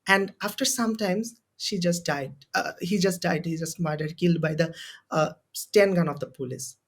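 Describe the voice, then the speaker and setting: A man's voice: high-pitched, normal speed. Impassioned young Bangladeshi man. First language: Bengali. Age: young adult. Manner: impassioned, emotional, repeats phrases for emphasis. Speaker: university student guest. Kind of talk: podcast interview.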